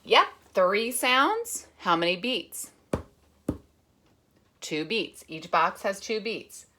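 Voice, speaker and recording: A woman teacher reading a picture book aloud with lively emphasis, then patiently explaining a rhythm lesson. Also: medium pitch, slow, noisy background. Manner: animated, expressive reading with dramatic emphasis; patient, encouraging classroom explanation. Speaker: music teacher.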